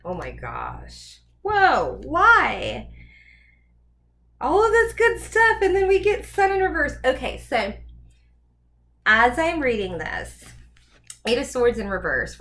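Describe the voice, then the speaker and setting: A woman's voice: a little high, fairly bright tone. A woman giving a casual tarot reading, chatty and rambling as she thinks aloud. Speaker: tarot reader.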